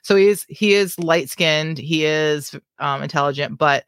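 A woman's voice: deep voice, unhurried, clean tone, dry recording, clean studio sound. Chatty self-deprecating woman co-host. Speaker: podcast co-host. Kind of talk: casual chat and reading her own fiction aloud.

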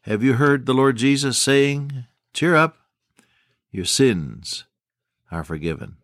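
A man's voice: mid-range voice, very animated, unhurried, no room sound, studio quality. A man preaching a sermon in an earnest, fervent old-style manner, quoting scripture as he speaks. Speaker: radio preacher.

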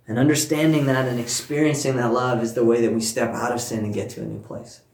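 A man preaching a sermon, telling a personal story with warmth and earnest emphasis, speaking to listeners at home. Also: medium pitch, level tone, fast, echoey room. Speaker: pastor.

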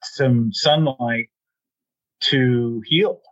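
A man speaks calmly and reflectively as a podcast guest. The sound is dry and a little dull, like a lo-fi recording. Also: medium pitch, drawn-out words, no room sound. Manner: calm, reflective, adds to his wife's story. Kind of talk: podcast conversation.

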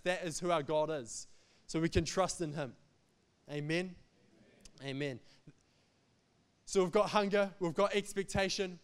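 Male pastor, emphatic sermon delivery, higher voice. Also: clear, resonant tone. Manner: emphatic, repetitive, jokes between points.

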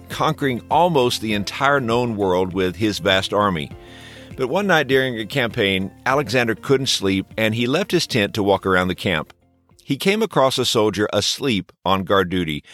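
A man's voice: fairly low pitch, fairly bright tone. A man hosting a short daily devotional podcast, teaching in an earnest way with many rhetorical questions. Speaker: podcast host.

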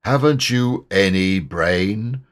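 A man voicing a gloomy, bitter old male donkey in a storybook reading, with a slow, sour, sarcastic drawl. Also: lowish voice.

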